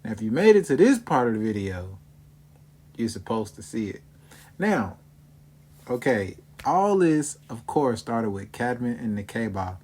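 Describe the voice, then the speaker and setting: Man, video host, casual explainer talk, measured delivery, mid-pitched voice. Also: sing-song, darkish tone, husky.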